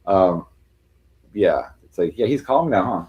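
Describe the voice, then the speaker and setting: A man on a casual live stream at home, rambling with many fillers and cooing at his cats in a higher voice. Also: expressive, a little slow, pauses often, darkish tone, highs cut off, a little hiss or hum. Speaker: livestreamer.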